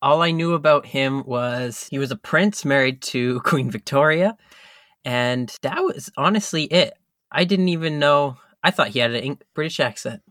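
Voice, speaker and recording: A man's voice: mid-range voice, moderate pace, fairly bright tone, no room sound, studio quality. A young man, a guest actor, chatting casually in an easygoing way and laughing often. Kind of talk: casual interview chat.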